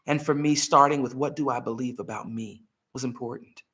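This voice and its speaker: A woman hosts a live healing talk, speaking earnestly and telling heartfelt stories. Her voice is bright and forceful. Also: a bass voice, fairly even intonation, a little fast, husky. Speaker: host.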